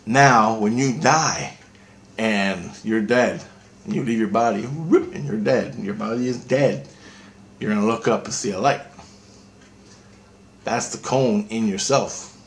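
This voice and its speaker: A man's voice: on the low side, unhurried, pauses often, a little hiss or hum. A man vlogging a rambling, intense spiritual monologue, swearing freely.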